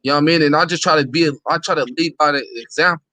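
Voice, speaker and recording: A man talking in loose, slangy conversation, stumbling over his words and circling back. His voice is bright and forceful, and it is recorded dry and close with no room sound. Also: on the high side, rapid-fire, dry recording. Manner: animated, repeats himself, street slang. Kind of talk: casual conversation.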